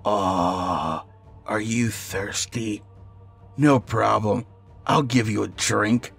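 A man voicing a cruel, condescending male captor who taunts slowly over faint music. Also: fairly low pitch, vocal fry, a bit bright, slightly rough, full character voice. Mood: mocking. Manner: slow, drawn-out taunting.

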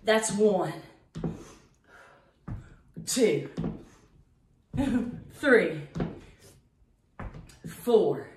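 A woman's voice: medium pitch, lively intonation, extremely slow, pauses often, echoey room, recorded from a distance, noisy background. A woman fitness instructor leading a home workout class, counting reps in a playful sing-song way with cheerful asides, out of breath.

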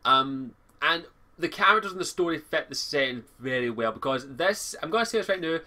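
A man's voice: fairly high pitch, expressive, brisk, bright, forceful tone. A young Scottish man giving a casual book review, rambling and correcting himself often with lots of fillers.

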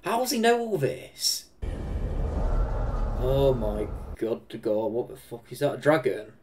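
A man with an English Midlands accent reacting to a film, excitable, swearing and laughing often. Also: medium pitch, takes it slowly, music in the background. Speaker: reaction video host. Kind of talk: casual reaction commentary.

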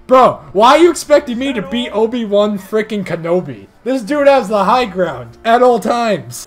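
A man streaming a video game, joking, swearing and reacting loudly. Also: sits high, normal speed, few pauses, faint music behind. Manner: loud, excitable, swearing, jokey. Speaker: gaming streamer. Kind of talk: comedic let's play commentary.

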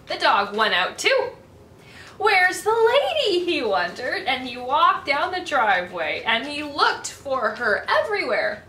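A woman reading a children's storybook aloud, high and bright, with a lively lilt and an unhurried pace, pausing to ask her young listeners questions. Her voice rings in an echoey room, picked up from a mic set back from her, with a faint hiss behind. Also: far from the mic. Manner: animated, asks listeners questions.

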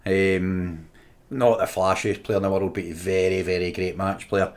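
A Scottish man with a fairly low voice, talking casually as a podcast co-host. He laughs readily, jumps between thoughts and often leaves sentences unfinished. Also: flat delivery, moderate pace. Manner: chatty, laughs readily, trails off mid-sentence. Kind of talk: casual chat.

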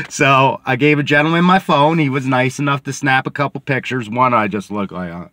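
A man's voice: medium pitch, moderate pace, a bit bright, no room sound. Chatty man rambling in a car. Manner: rambling and chatty, many fillers. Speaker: sports podcast host. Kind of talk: casual vlog monologue.

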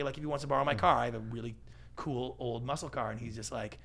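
A middle-aged man talking casually as a podcast guest, animated and acting out what other people say. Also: medium pitch, fast, gravelly. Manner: animated, acts out quoted voices. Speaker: guest, pitch expert. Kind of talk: podcast interview.

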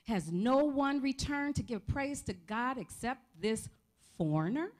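A woman preaching a sermon in a church, calling out to the congregation for responses with shouts of praise. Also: on the high side, expressive, unhurried. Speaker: pastor. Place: church sanctuary.

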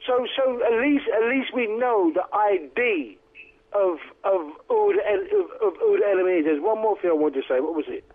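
A high-pitched man talks over a tinny phone line into a radio show. He rambles emphatically, stumbling and restarting as he builds his points. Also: sing-song, normal speed. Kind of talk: talk radio discussion.

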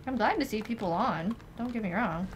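A woman's voice: medium pitch, animated, a little fast, a little hiss or hum. A woman playing co-op as the tank, chatting casually, teasing her partner and laughing often. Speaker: co-player, tank. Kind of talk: casual gameplay chat.

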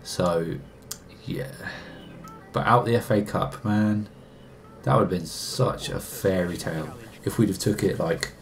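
Excitable man commenting on a game. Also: low voice, unhurried, vocal fry, soft background music. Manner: excitable, mock-arguing with the game, frequent laughs. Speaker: gaming YouTuber. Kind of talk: casual gameplay commentary.

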